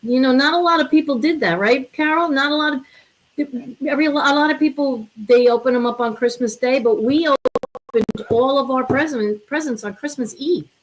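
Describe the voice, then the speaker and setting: A woman's voice: sits high, moderate pace, a little hiss or hum, low-quality recording. A woman hosting a casual chat, eagerly reminiscing and explaining with fillers. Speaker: host.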